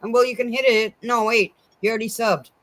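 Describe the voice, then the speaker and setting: A woman co-hosting a casual live-stream chat, giggly and animated. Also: on the high side, a little fast. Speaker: co-host.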